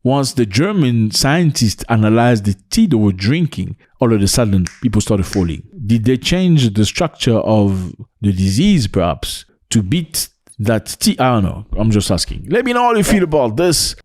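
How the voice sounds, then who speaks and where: A man from Africa, hosting a casual opinion vlog outdoors and firing rhetorical questions at his viewers in an excitable way. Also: medium pitch, normal speed, no room sound. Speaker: vlogger host. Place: outdoors in cold weather.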